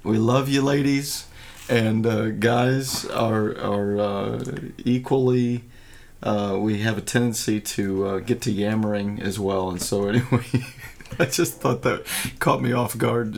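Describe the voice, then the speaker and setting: A man's voice: fairly low pitch, vocal fry. A man hosting a casual talk show, rambling and joking, often laughing. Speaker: podcast host. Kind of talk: casual chat.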